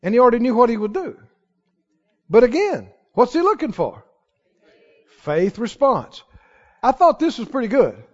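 A man's voice: very high voice, very animated, normal speed, pauses often. A man preaching a sermon as pastor, folksy and emphatic, building to exhortation, recorded in a church sanctuary. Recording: dull, reverberant church hall recording.

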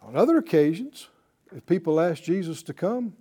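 A man's voice: on the high side, sing-song, moderate pace, mellow, husky. A man teaching a Bible lesson in sermon style, emphatic and putting rhetorical questions to his listeners.

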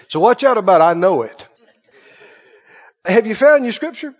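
A man's voice: sits high, sing-song, moderate pace, a little mellow. A man preaching a sermon to a congregation, telling folksy stories and often asking them "Right?". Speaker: pastor. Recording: dull lo-fi church recording with long reverb.

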